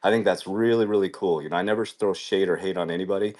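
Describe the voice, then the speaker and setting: A man's voice: sits low, steady tone, quick pace, darkish tone. A man hosting a crypto show, talking in a fervent, preachy motivational way and swearing casually. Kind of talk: motivational live-stream talk.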